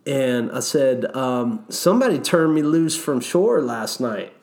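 A man's voice: mid-range voice, measured pace. A man casually telling a story about his river guiding days, swearing freely and acting out the quotes. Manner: animated, swears, acts out quotes.

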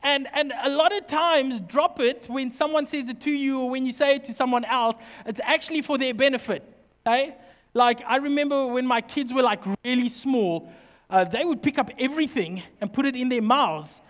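A middle-aged man preaching a sermon, telling funny personal stories in an animated, joking way. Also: extremely high pitch, normal speed. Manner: humorous, animated storytelling. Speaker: pastor. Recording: long reverb of a hall.

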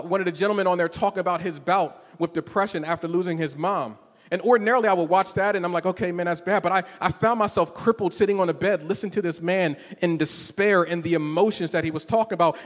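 A man's voice: high-pitched, long reverb tail. A man in his forties preaching a conversational, emotional sermon in a church, often repeating words as he starts a thought. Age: 40s. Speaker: pastor.

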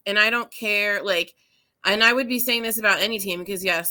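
A woman's voice: on the low side, sharp tone. A woman co-hosting a casual sports podcast, earnest and opinionated, laughing easily. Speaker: podcast co-host.

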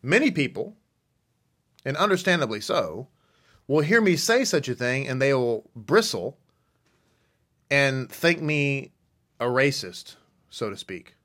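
A man teaching a religious lesson, reading passages slowly and then speaking emphatically, repeating words for stress and asking rhetorical questions. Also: mid-range voice, very animated, a bit bright. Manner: reads passages slowly, then speeds up in asides. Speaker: rabbi teaching a congregation. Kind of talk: sermon-style teaching.

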